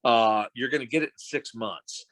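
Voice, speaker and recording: A man's voice: medium pitch, moderate pace, a bit bright, poor audio. Rambling, joking middle-aged man. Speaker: voice actor guest. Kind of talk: casual panel chat.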